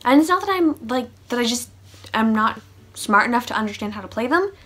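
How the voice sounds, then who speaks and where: A woman's voice: on the high side, lively intonation, a little fast, fairly bright tone. A woman chatting through a funny storytime vlog, with sarcastic asides. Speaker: vlogger. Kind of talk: casual storytime monologue.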